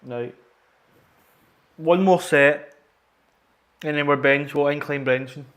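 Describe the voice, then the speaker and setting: A man's voice: fairly high pitch, slow, a bit bright, echoey room. A Scottish man chatting casually and rambling while training in a gym, swearing often and repeating himself. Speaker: livestreaming gym-goer.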